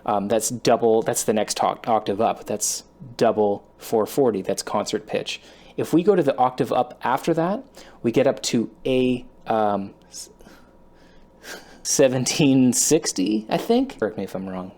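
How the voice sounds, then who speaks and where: Recording in a home studio where the computer is loud, a guitarist learns a song on camera in a casual self-taught lesson. His medium-pitched, darkish voice is animated but measured as he rambles, thinks aloud, and teases himself over his own guitar playing.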